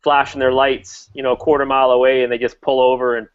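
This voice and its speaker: A man chatting casually about motorcycles, rambling and restarting as he goes. His voice sits at an ordinary pitch. The sound is dull and lo-fi, like an online call. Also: little pitch movement, fast, clear, resonant tone. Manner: rambling, many fillers and restarts. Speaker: motovlogger hosting a chat. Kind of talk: casual chat.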